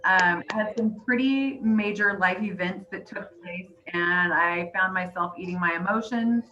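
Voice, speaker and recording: Bright-voiced grandma sharing a teary testimony. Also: female voice, fairly low pitch, measured pace, muffled recording. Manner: earnest, emotional. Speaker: weight-loss coach sharing her story. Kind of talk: personal testimony on a group call. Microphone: online call.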